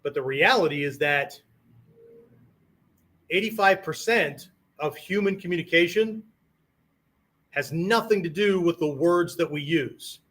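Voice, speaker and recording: A man teaches martial arts in a loose lecture style, and his voice sits a little above the usual male pitch. He keeps asking "right?" and "okay?" as he talks and now and then acts out different tones of voice. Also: measured pace, pauses often, a bit bright. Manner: conversational, peppers sentences with "right?" and "okay?"; demonstrates tones of voice on quoted phrases.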